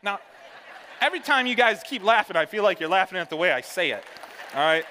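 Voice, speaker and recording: A man's voice: high-pitched, sing-song, brisk, sharp tone, long reverb tail, a little hiss or hum. A male pastor from the northern United States giving a conversational sermon and checking in with the congregation with "all right?". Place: church sanctuary.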